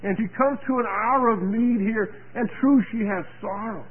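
A man's voice: high-pitched, moderate pace, husky. A man preaching an expository Bible sermon, earnest and full of rhetorical questions, often stumbling and repeating words. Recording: tinny phone-like radio broadcast.

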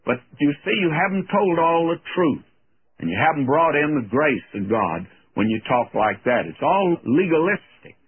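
A man preaches on an old radio broadcast, his husky voice squeezed thin as if through a telephone. He reads scripture aloud, then explains it plainly in a sermon. His pitch rises and falls freely as he teaches. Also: big pitch swings, normal speed, narrow, tinny audio. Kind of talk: sermon, verse-by-verse Bible teaching.

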